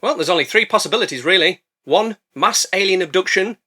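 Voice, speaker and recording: A man narrates a bad-movie review with sarcasm and plenty of swearing. His voice is high for a man and bright, and it swings lively up and down as he jokes. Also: a little fast. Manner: sarcastic, profane, jokey. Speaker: film reviewer.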